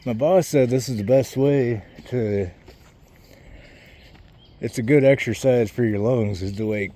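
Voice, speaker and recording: A man's voice: medium pitch, measured pace, mellow. Rambling, out-of-breath man on a walk. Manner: rambling, swears a lot, loses his train of thought. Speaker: vlogger. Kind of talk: rambling casual vlog while walking outdoors. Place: outdoors on a walk, birds around.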